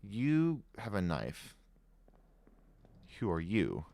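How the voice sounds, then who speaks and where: Deep-voiced man musing over a game. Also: huge pitch swings, very slow, vocal fry, warm tone, dry recording. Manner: musing, questioning, frequent chuckles. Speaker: streamer. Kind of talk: live game commentary, thinking aloud.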